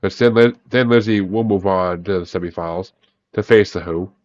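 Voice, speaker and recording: A man's voice: low-pitched, normal speed, dry recording, dull audio. A man hosting a casual music podcast, swearing freely as he calls on each guest by name over an online call. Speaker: podcast host. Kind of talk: casual bracket chat with guests.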